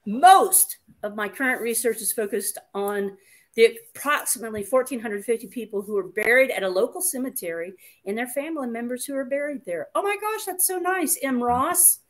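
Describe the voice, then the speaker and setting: A woman's voice: on the high side, expressive, brisk. A woman hosting a casual livestream chat, reading viewer comments aloud in a chatty, playful way.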